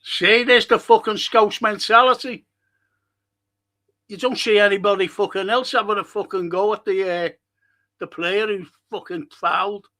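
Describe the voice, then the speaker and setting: Scouse man, bright high voice, slow, sweary watch-along streamer. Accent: Liverpool. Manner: sweary, excitable, heckling the players. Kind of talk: live match commentary and chat reading.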